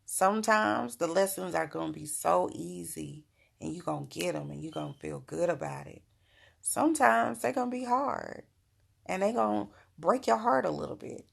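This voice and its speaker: Frank, motherly middle-aged woman hosting a casual advice livestream; low, heavily gravelly voice. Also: lively intonation, normal speed. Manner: frank, motherly, laughing often. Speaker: spiritual advice host.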